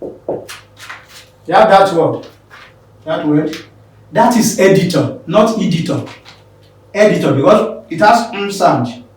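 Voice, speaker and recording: Slow man teaching, echoey far mic. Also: high voice, animated. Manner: slow, repeating words for drill. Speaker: English teacher. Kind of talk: classroom pronunciation lesson.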